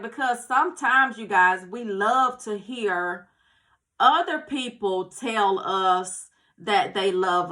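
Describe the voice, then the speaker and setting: A woman's voice: fairly high pitch, bright, forceful tone. A woman talking casually to her viewers about self-love, encouraging and repetitive, checking in with "okay?" and "you guys". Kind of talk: casual motivational talk to camera.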